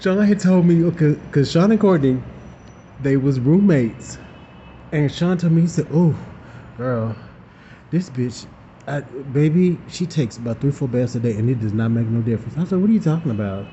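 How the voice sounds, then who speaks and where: A man telling a story in a casual, animated way, laughing often and using campy slang. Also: mid-range voice, normal speed. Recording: dull, lo-fi with faint hiss.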